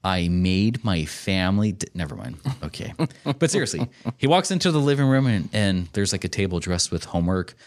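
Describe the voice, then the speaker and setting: A man with a low voice hosts a relaxed film podcast. He explains symbols at length, drifting into small asides and then picking the thread back up. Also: fairly quick. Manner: thoughtful, explanatory, rambling asides. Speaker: podcast host reviewing a film. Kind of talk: casual podcast discussion.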